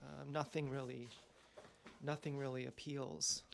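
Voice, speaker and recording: A man's voice: mid-range voice, flat delivery, measured pace, vocal fry, slight background noise. A man vlogging in a meandering, stream-of-consciousness monologue, full of fillers and casual swearing. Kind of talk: rambling personal monologue.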